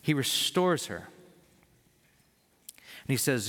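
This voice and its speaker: A man's voice: mid-range voice, normal speed, long pauses, a bit bright. A man preaching a sermon in an earnest way, building to emphatic points. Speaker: pastor. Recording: long reverb of a large hall.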